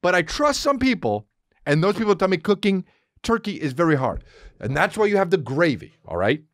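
A man's voice: high voice, very animated, a little fast, no room sound. A man hosting a podcast, telling a comic story in a profane, rambling way into a studio mic. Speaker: podcast host.

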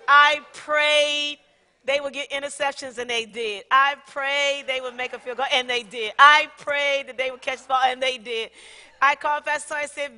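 A middle-aged woman pastor preaching a sermon, animated, laughing often and acting out quotes. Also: high-pitched, normal speed. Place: large church hall. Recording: long church hall reverb.

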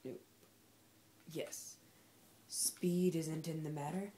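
A woman's voice: deep voice, steady tone, very slow, mellow, slight background noise. A woman giving casual, sarcastic commentary while playing a racing game, talking back at the game's characters. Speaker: gameplay commentator.

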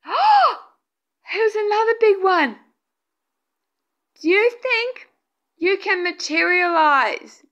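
Super high pitched lady ghost hunting, slow drawn out talk, gasping and excited. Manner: breathless excited exclamations; talks softly to spirits, pleading. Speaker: paranormal video maker. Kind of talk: excited paranormal vlog narration.

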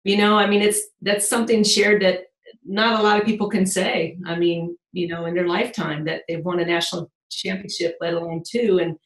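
A woman, a former player, speaking emotionally and haltingly. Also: lowish voice, fairly even intonation, reverberant, poor audio.

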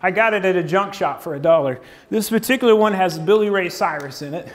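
Male preacher, high voice, animated conversational sermon, acts out voices. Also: brisk.

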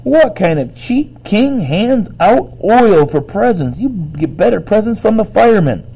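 A man's voice: medium pitch, moderate pace, lightly acted, poor audio. Man doing a bossy, indignant tough little girl. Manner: loud and indignant.

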